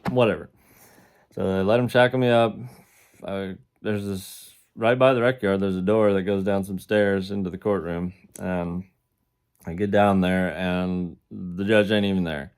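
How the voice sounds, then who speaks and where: A man with a fairly low voice tells his own story in a loose, casual way. He sounds indignant and chuckles between sentences. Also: steady tone, a little slow, a little mellow, smooth. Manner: indignant, laughs between lines, acts out the quoted officers in a raised voice. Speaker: defendant recounting his jail experience. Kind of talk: casual first-person storytelling.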